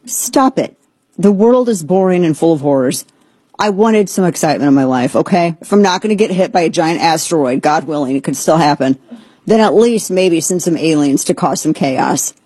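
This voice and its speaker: A woman hosting a casual commentary show, talking in an animated, sarcastic way and sometimes jumping into an excited squeal. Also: low-pitched, fairly quick, husky, no echo.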